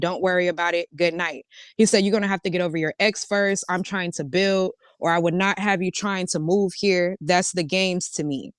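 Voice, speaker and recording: A woman with a smooth, clear voice casually walks through a string of text messages, narrating each side with "he said, I said." The sound is close and dry, with no room around her. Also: on the low side, no room sound. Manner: relaxed, reads messages aloud with "he said, I said". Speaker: storyteller reading out text messages. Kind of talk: casual recounting.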